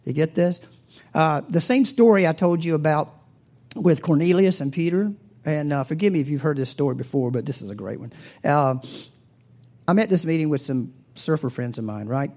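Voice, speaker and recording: A man preaching a sermon, telling a story with big swings in pitch and loudness and dropping to a breathy whisper at tender points. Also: moderate pace. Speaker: pastor.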